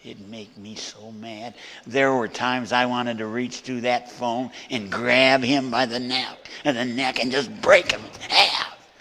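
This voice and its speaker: A man's voice: medium pitch, fairly even intonation, a little slow, bright, forceful tone. An older man preaching as a guest speaker, telling a story and acting out the voices of the people in it. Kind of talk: sermon storytelling. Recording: hall reverb.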